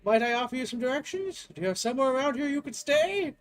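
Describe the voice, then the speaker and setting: A man voicing a fussy, genteel old-fashioned male professor with a put-on posh accent, talking high and chirpy. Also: expressive, fast.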